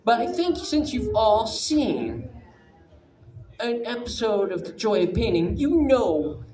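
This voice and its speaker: A man telling a personal story to a live audience, animated and profane, stumbling through frequent restarts. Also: high voice, takes it slowly. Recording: echoey room with audience noise.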